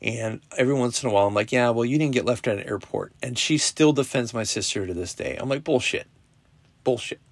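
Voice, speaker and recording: A middle-aged man hosting a podcast, telling a personal story in a casual, profane, animated way with lots of quoted dialogue. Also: mid-range voice, fast, few pauses, dry recording. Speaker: podcast host. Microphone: podcast app recording.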